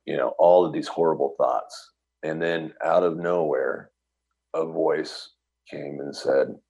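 A man's voice: extremely low pitch, fairly even intonation, takes it slowly, vocal fry, a little mellow, breathy edge, muffled recording. A middle-aged man, a guest on a radio interview, telling his story in an earnest, emotional and reflective way. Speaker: guest, author and restaurant entrepreneur.

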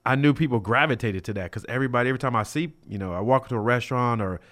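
A man in his fifties from California, a former pro football player telling his story as a guest in an interview, lively and acting out the voices of people in it. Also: very fast. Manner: lively, acts out quoted voices with jumps in pitch and loudness.

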